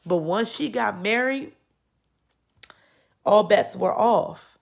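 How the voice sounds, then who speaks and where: A woman's voice: mid-range voice, takes it slowly, gravelly. A woman getting over a cold, hosting her own channel and giving frank, opinionated reviews in casual talk full of fillers and restarts. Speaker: YouTube channel host reviewing a series.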